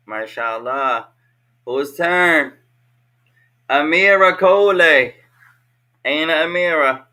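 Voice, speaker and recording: Slow, bright-voiced teacher of children. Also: medium pitch. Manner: patient, repeats each question slowly. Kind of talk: online children's language lesson. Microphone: video call.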